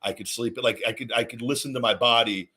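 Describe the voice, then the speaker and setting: Guy hosting a podcast, bright punchy voice, laid back road stories, lots of restarts. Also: mid-range voice, fairly quick, husky. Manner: relaxed storytelling with frequent restarts. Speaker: podcast host, former wrestler. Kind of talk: casual podcast chat.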